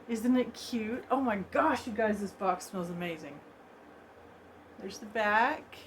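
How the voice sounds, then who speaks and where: A woman chatting casually to her viewers from a room at home as she unboxes a gift, excitable and gushing, laughing often and repeating herself. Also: a little high, a little hiss or hum. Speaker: vlogger opening a gift box.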